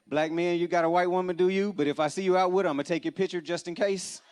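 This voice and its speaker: On a church stage before a live audience, a man performs a stand-up comedy set, telling stories in an animated, punchy way with sudden loud bursts. His voice is high-pitched, fast and smooth.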